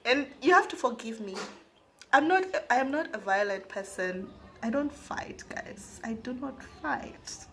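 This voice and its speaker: A woman from Zambia, telling a personal story to her viewers, often laughing and dropping into hushed asides. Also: fairly high pitch, expressive, a little slow. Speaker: vlogger. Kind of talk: storytime monologue.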